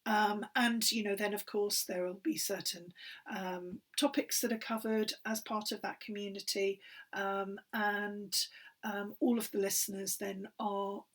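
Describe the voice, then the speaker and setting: Husky-voiced woman lecturing, halting. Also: medium pitch, flat delivery, fairly bright tone. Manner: hesitant, many fillers and restarts. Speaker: university lecturer. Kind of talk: recorded lecture.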